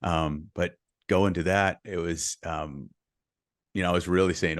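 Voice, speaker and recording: A middle-aged real estate investor, interviewed on a podcast, shares a candid personal story in a low, steady, unhurried voice, earnest and open. He speeds up when reliving the story, and the studio-quality recording is dry.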